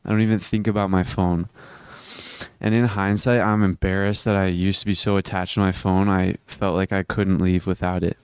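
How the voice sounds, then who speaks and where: A man's voice: low-pitched, level tone, moderate pace, clear, resonant tone, dry recording. A teenage boy talking in a casual self-improvement vlog, earnest and rambling, often restarting his sentences. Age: teens. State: hiccuping. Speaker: vlogger.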